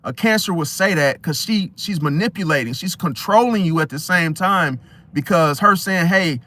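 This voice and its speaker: A man's voice: on the high side, moderate pace, bright, forceful tone. A man hosting an astrology channel, talking casually and rambling, often checking in with "see?". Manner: rambling, keeps asking "see?", many restarts. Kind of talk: casual talk to camera.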